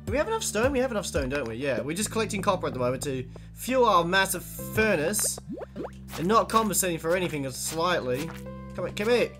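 Brief: lively let's play host, chatty and exclamatory, game music underneath. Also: mid-range voice, fairly quick. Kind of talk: casual gameplay commentary.

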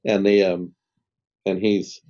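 Taking it slowly, a very deep-voiced man in his fifties with a dark, mellow tone shares his story as a podcast guest; he's a spiritual healer. Animated and conversational, he performs the dialogue of people in the tale and laughs frequently. Audio is slightly dull and lo-fi.

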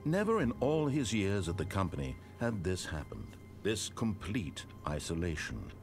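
A man's voice: low voice, big pitch swings, moderate pace. A man voicing a dry, wry omniscient narrator in a game, with mock-solemn, sardonic scripted narration. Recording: game audio with music behind. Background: game music.

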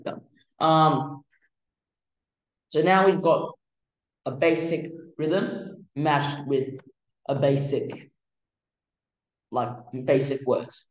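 A man teaching music theory in a casual, halting way, with many fillers and restarts. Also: fairly high pitch, fairly even intonation, reverberant, low-quality recording. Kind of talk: casual explanatory lesson.

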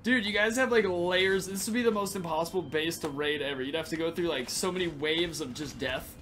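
A man giving joking, excitable commentary while he plays a game late at night and laughs often. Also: a little high, brisk, noisy background. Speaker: gaming channel host. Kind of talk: casual gameplay commentary.

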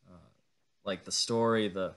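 A man's voice: low voice, steady tone, measured pace, a bit bright, smooth. A man hosting a casual podcast interview, talking like an admiring fan, with hesitant phrasing. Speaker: podcast host.

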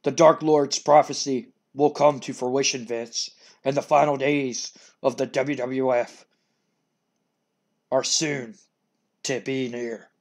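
Slow creepy wrestling villain that a guy puts on, booming and gravelly, dead serious. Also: steady tone. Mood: menacing. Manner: slow, booming, ominous delivery. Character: menacing male wrestler villain possessed by a dark lord.

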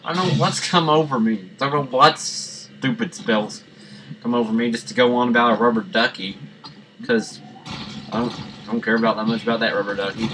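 A man giving rambling, jokey let's-play commentary that breaks into sudden excited yelps. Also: medium pitch, brisk, background noise. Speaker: gaming channel host. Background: game music.

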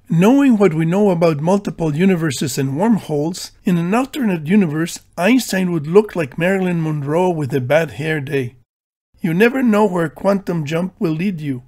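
A man reading a scripted, tongue-in-cheek voice-over with dry, deadpan humor. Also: high-pitched. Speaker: video narrator.

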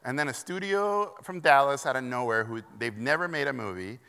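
A middle-aged man from Mexico delivers a keynote in a large hall, his bright, crisp voice carrying a long reverb. He tells stories in an animated, self-deprecating way and acts out the voices of the people in them. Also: medium pitch, brisk. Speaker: keynote speaker. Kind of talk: conference keynote storytelling. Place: conference hall.

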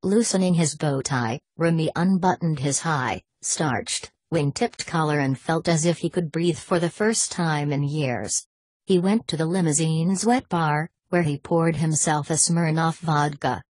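Low husky woman narrating an audiobook. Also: unhurried, a little mellow, no room sound, low-quality recording. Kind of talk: scripted narration.

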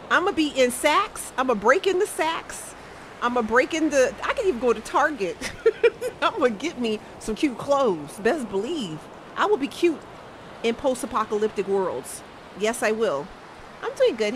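A woman's voice: a little high, slight background noise, poor audio. A woman streamer giving casual gameplay commentary, laughing often and chatting directly with her viewers. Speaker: gaming streamer. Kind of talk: casual gaming commentary to chat.

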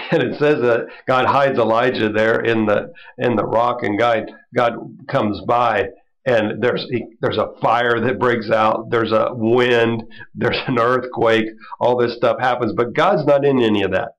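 A man teaching a Bible study in a loose, conversational style, with many asides and light chuckles. His voice is gravelly, and the recording sounds dull and lo-fi. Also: medium pitch, fairly even intonation, measured pace. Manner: conversational, chuckling, lots of "you know". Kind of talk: informal Bible lesson.

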